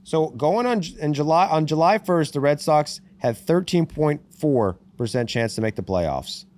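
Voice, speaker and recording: A man's voice: on the high side, normal speed. A man hosting a casual sports podcast, reading out stats and trading sarcastic jabs, swearing freely. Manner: reads out stats with animated delivery. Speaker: podcast host.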